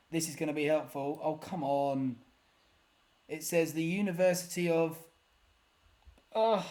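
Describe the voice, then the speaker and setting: High-voiced and a little mellow, this gaming YouTuber plays a geography guessing game while offering laid-back, self-mocking commentary. He frequently mutters in frustration.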